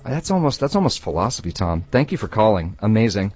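A man hosting a call-in radio show who tells jokes in a playful, animated way. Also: on the low side, fast, husky, no room sound, faint music behind. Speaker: radio host.

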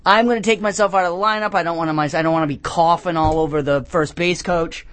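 A man putting on a strained, high-voiced old ballplayer. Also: steady tone, fast talker, a bit bright, natural voice. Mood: self-sacrificing. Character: ailing old-time male ballplayer, noble and weary.

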